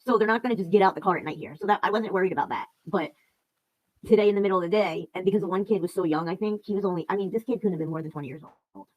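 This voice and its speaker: Rapid, profane woman ranting on a livestream. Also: mid-range voice, lo-fi sound. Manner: profane, rambling, repeats herself. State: emotional and upset. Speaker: livestream host. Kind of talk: casual ranting livestream chat.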